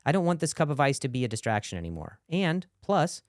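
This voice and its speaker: A man's voice: on the high side, sing-song, quick pace, no room sound, clean studio sound. A young man with a stutter doing a stand-up set, sarcastic and self-deprecating while working the crowd. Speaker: stand-up comedian. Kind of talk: stand-up set with narrated commentary.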